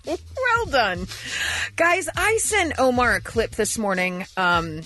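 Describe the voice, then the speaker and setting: A woman co-hosting a radio morning show, telling odd news stories in animated, laughing banter. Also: a little high, slow pace, soft background music. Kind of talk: casual comic radio banter. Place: radio studio. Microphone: studio microphone.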